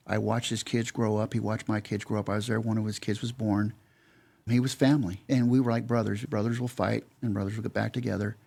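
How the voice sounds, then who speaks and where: A man's voice: medium pitch, vocal fry, a little mellow. An older man telling a story as a podcast guest, plain-spoken and acting out both sides of past conversations. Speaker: podcast guest, security veteran. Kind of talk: casual storytelling.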